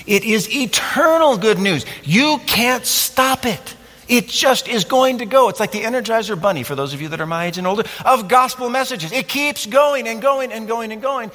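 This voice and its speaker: Man, sermon, high voice, swinging pitch, echoing hall. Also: moderate pace. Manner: animated, acts out scenes and asks the audience questions. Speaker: pastor.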